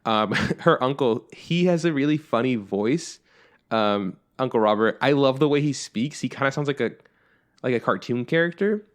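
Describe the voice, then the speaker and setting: A man's voice: mid-range voice, lively intonation, normal speed. Young guy cohosting a podcast, rambly, says like a lot, casual chat. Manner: rambling, heavy on fillers like "like" and "you know". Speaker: podcast co-host.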